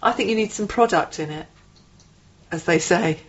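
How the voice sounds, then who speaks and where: A woman's voice: on the low side, normal speed, husky, highs cut off. A woman co-hosting a casual radio chat show, teasing her co-host and reading out listener tweets. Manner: chatty, teasing, reads out tweets.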